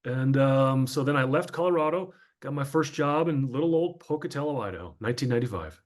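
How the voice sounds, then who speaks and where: A man's voice: medium pitch, animated, fairly quick. A man in his fifties from northern New Jersey, a former sportscaster, telling his life story as an interview guest in a chatty, anecdotal way with frequent fillers.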